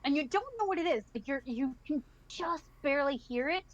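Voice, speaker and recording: High-voiced woman narrating a game. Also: animated, muffled recording. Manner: vivid, unhurried scene narration with laughs. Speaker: game master.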